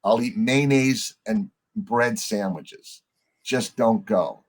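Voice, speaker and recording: A middle-aged man, a podcast guest, telling a story in a lively way, acting out the lines of the people in it and swearing casually. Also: lowish voice, takes it slowly. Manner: animated storyteller, acts out quoted dialogue, swears casually.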